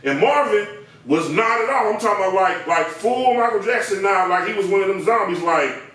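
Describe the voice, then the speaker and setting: A man who works as a barber tells a comedic story in a slangy, animated way, acting out the people in it. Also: high voice, moderate pace. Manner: slangy, animated, acts out voices. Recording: very echoey, distant from mic.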